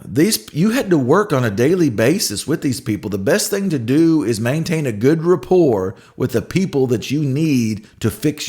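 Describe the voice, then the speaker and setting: A man's voice: fairly low pitch, a little mellow. A middle-aged man hosting a Christian podcast, telling a workplace story in a conversational monologue and tagging his points with "right?". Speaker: podcast host.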